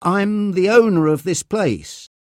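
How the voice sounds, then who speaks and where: A man's voice: high-pitched, animated, takes it slowly, darkish tone, no room sound, studio quality, voice pushed up. A man reading aloud, voicing a nervous restaurant owner who hesitates with ums and uhs.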